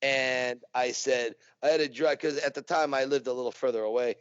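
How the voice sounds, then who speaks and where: Man telling a lively story, dry muffled sound. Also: mid-range voice, fairly quick, clear, resonant tone, no echo. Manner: animated anecdote telling with acted quotes. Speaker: interview guest, impersonator. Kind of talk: casual storytelling. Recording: dull dry recording.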